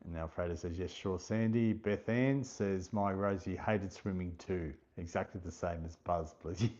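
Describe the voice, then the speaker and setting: A low, mellow-voiced Australian man hosts a relaxed livestream and chats easily with his viewers. He reads their comments aloud, thanks them by name and laughs often. His voice comes through a husky, dull lo-fi stream. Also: a little slow. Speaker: livestream host. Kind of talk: casual chat, reading viewer comments aloud.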